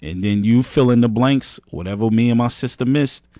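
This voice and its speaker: A man's voice: medium pitch, normal speed, dark tone, dry recording. A man co-hosting a podcast, giving earnest advice in a casual chat, often repeating himself and saying "man" and "you know what I mean". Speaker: podcast co-host.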